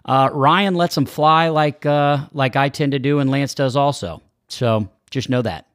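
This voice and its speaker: A man's voice: mid-range voice, measured pace, fairly bright tone, no room sound, studio quality. A man hosting a podcast, introducing episodes and chatting in an easygoing, joking way. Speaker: podcast host. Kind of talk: casual chat.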